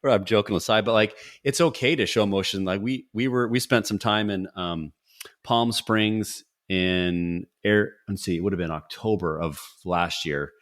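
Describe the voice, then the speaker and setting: A man's voice: fairly low pitch, a bit bright. Upbeat jokey male podcast host. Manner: upbeat, jokey, quick quiz questions. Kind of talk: casual interview talk.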